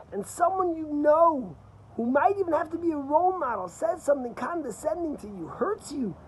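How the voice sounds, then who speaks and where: A man's voice: very high voice, a little hiss or hum, rough recording. Rabbi guy preaching, earnest, keeps repeating phrases to drive the point home. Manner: repeats key phrases for emphasis, earnest teaching. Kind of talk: sermon.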